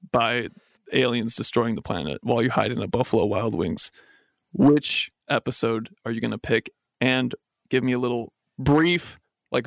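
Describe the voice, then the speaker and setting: A man moderates a comedy podcast debate in a playful, giggly way. His voice has a gravelly fry. The sound is dry and close to the mic. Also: mid-range voice, dry recording. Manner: playful, giggly, drawn-out teasing. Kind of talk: casual comedy podcast chat.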